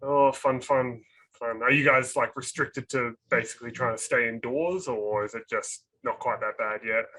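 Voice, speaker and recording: A man's voice: mid-range voice, steady tone, moderate pace, sharp tone, poor audio. A man co-hosting a casual podcast, a father who jokes and banters with his guest and laughs easily. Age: adult parent. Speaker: podcast co-host.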